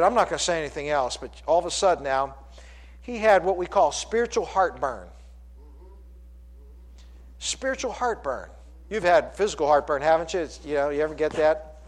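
High-voiced guy preaching, gets loud in bursts, repeats himself, long church echo. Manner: animated preaching with sudden loud bursts and repetitions. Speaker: pastor. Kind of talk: sermon. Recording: long hall reverb.

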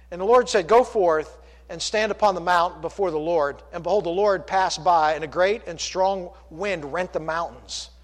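A man preaching a sermon with passion, retelling scripture and speaking God's lines in his own voice. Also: high-pitched. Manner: impassioned, paraphrasing scripture in God's voice. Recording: long hall reverb.

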